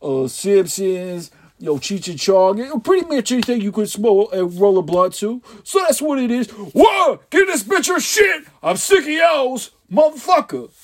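A man's voice: sits high, sing-song, moderate pace, hardly any pauses, warm tone. A man playing a young male stoner who rambles through a pop culture review in heavy street slang. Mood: rambling. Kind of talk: comedy sketch monologue.

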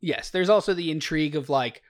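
A man's voice: fairly high pitch, a little fast. Man hosting a movie podcast. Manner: leading, teasing, explains plot. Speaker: podcast host. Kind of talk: casual movie review chat.

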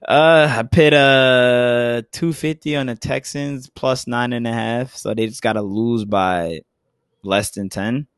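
A young man with a New York accent, co-hosting a podcast in casual, profane, animated chat. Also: medium pitch, takes it slowly, clear, resonant tone, no echo, studio quality. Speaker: podcast co-host.

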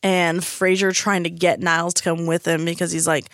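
A young woman co-hosting a podcast in casual chat, excitable and laughing often as she acts out quotes. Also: lowish voice, moderate pace, no room sound, studio quality. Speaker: podcast co-host. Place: recording studio. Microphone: studio mic.

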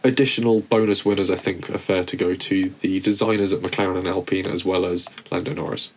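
Husky man chatting. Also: low-pitched, steady tone, a little fast. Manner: chatty, rambling with restarts. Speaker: podcast co-host. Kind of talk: casual chat.

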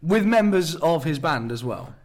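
Male co-host, animated and sweary, lively higher voice. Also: normal speed. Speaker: podcast co-host. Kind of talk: casual chat.

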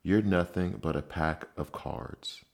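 A man's voice: sits low, slow pace, gravelly, heavily acted. Man voicing a defiant young girl. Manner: indignant, defiant. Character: bold indignant young girl.

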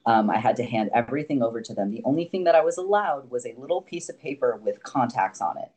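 A man's voice: mid-range voice, lively intonation, fast talker, a little mellow. A man guesting on a podcast, telling a long story in a loose, rambling way, full of fillers, casual swearing and little laughs. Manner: laughs often between remarks.

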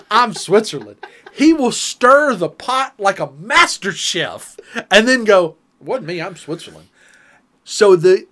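A man's voice: sits high, pushed and bright. A man on a casual podcast telling a family story, acting out the quotes and laughing often.

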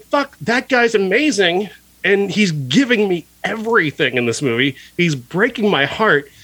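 Male podcast co-host, husky, a touch high, animated profane film rant. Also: no room sound. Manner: animated, profane, mocking, laughs often. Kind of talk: casual film review chat.

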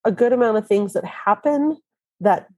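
A woman co-hosting a podcast in casual chat, a bit hoarse from illness, telling stories with frequent laughs. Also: mid-range voice, animated, moderate pace, warm tone, no echo. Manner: laughs often, chatty storytelling. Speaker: podcast co-host.

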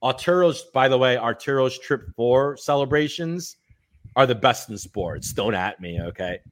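Animated man with emphatic tag questions. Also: mid-range voice, moderate pace. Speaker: co-host of a bowling talk show. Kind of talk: casual sports chat.

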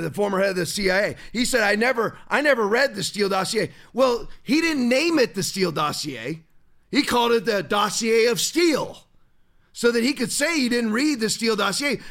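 High, bright-voiced man ranting. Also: vocal fry. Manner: heated, ranting, many restarts and stumbles. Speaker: pastor and show host. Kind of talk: political commentary monologue.

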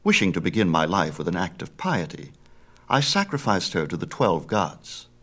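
A man's voice: low voice, huge pitch swings, moderate pace, a bit bright, exaggerated voice. A male reader voicing a clever, mischievous infant god who drives sly, mock-polite bargains in a storybook myth. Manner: impish, wheedling, mock-polite.

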